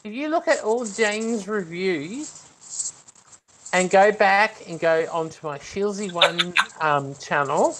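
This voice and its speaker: Australian man hosting, halting and chatty. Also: high voice, lively intonation, fairly bright tone, low-quality recording. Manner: hesitant, many fillers and restarts. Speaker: host. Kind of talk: casual chat. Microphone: video call.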